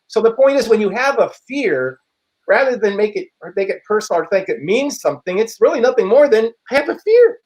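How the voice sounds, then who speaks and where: A man, a life coach and guest in a casual lunch conversation, explaining his ideas in a measured, reflective, teacherly way. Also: sits high, lively intonation, poor audio. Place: at a lunch table.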